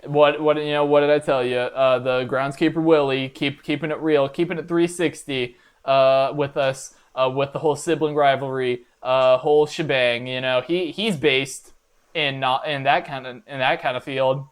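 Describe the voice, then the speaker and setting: A man's voice: medium pitch, fairly even intonation, normal speed, clear, resonant tone. A man hosting a comedic reaction video, rambling in a mock-enthusiastic way with many filler uhs.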